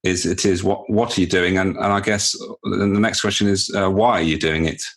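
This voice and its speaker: A man's voice: deep voice, fairly even intonation, brisk. A man hosting a podcast interview, speaking hesitantly and repeating words as he thinks aloud. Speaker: podcast host.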